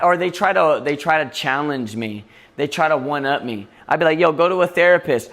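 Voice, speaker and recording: A man's voice: on the high side, lively intonation, brisk, hardly any pauses, fairly bright tone. Profane, venting male streamer. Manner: mimics others in mocking voices. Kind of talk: casual live-stream rant.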